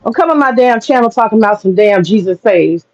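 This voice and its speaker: A woman's voice: mid-range voice, animated, brisk, darkish tone. A woman streaming live, ranting bluntly and profanely to her chat and breaking into laughter often. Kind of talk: casual livestream rant to chat. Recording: dull lo-fi sound with faint noise.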